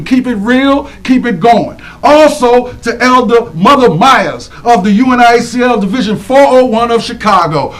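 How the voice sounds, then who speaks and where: High-voiced man giving animated shout-outs. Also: low-quality recording. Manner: preacherly call-and-response, animated, drawn-out names. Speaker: speaker honoring community women. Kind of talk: lively shout-outs to audience.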